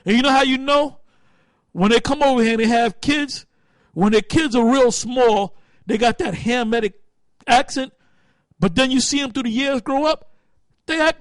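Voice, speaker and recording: A man's voice: very high voice, no echo. A man leading a group study in a casual preaching style, talking bluntly with street slang and profanity, often stopping to hunt for a word. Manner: loses words and restarts while thinking aloud.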